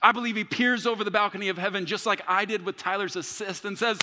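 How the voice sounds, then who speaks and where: A man in his thirties preaching a sermon as a pastor, telling a story with humor and bursts of shouting. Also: high-pitched, fairly even intonation, quick pace, few pauses, in a large hall.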